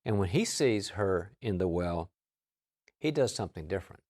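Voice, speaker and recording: A man's voice: deep voice, animated, moderate pace, a little mellow. A middle-aged man giving a sermon as a guest speaker, telling a story in a conversational way and acting out the dialogue.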